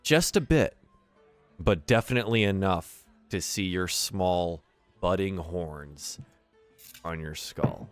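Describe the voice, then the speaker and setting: A woman narrating a tabletop game as game master, in a relaxed, chatty way with fillers. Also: extremely low pitch, slow, soft background music.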